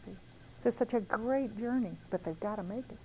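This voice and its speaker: Woman talking faith and prayer, warm confiding testimony, kinda high, dull old recording. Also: fairly quick, a little hiss or hum. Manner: earnest, intimate, confiding. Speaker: Christian speaker. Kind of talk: testimony-style talk on prayer.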